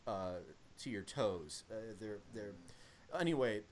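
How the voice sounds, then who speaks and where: A young army veteran appearing as a podcast guest tells profane, meandering stories about his service in a casual chat. His voice is fairly low and a bit slow, with lively intonation and a slightly mellow quality. There's slight background noise.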